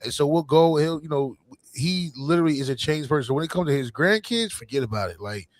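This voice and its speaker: A man in his forties, a podcast host, tells a family story in a loose, slangy way and laughs often. His voice sits on the high side, expressive and fast, with no echo.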